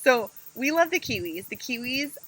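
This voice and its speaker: A woman co-hosting a podcast from a camper van, telling stories in a lively way and acting out her own complaints. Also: high voice, moderate pace, slightly rough, low-quality recording. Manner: animated storytelling, acts out her own complaints. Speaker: podcast co-host. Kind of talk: casual chat.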